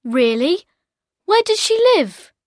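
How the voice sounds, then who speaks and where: A woman's voice: high voice, very animated, takes it slowly, no room sound. A woman asking curious follow-up questions in a scripted language-course dialogue. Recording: dry studio recording.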